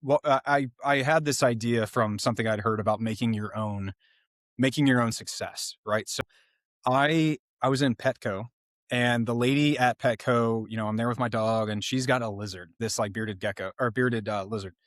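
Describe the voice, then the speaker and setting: Man guest, lively rambling anecdotes, dry studio sound. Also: medium pitch, moderate pace, no echo. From Oklahoma, US. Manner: animated, self-interrupting, laughs through stories. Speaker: animal chiropractor guest. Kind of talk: casual storytelling interview.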